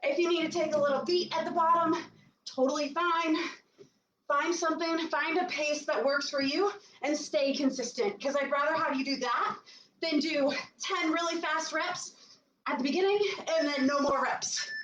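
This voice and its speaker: A woman's voice: high voice, fairly even intonation, moderate pace, a bit bright, recorded from a distance. Woman fitness coach, breathless, puffing between cues, echoey room, dull lo-fi sound. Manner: breathless, puffing while exercising. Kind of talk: workout instruction.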